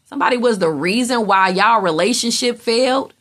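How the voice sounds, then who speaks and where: A woman's voice: on the high side, brisk. Blunt, profane woman reading tarot. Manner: blunt, profane and emphatic, acts out people's reactions. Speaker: tarot reader.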